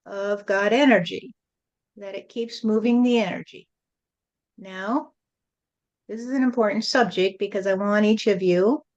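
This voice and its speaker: A woman's voice: medium pitch, highs cut off. A woman channeling a spirit who gives a preachy spiritual lesson to a group and often repeats "you see".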